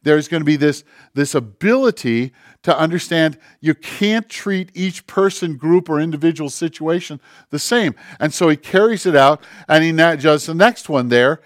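Man preaching a lively sermon. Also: fairly high pitch, dry recording, studio quality. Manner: conversational preaching, swinging between loud emphasis and hushed quoting. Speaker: pastor.

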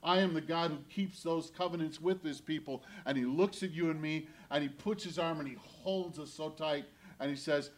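This man delivers his sermon as a pastor would in an earnest, personal storytelling style, going from loud emphasis to soft near-whispers. His voice is a little high, his intonation fairly even, and his speed normal.

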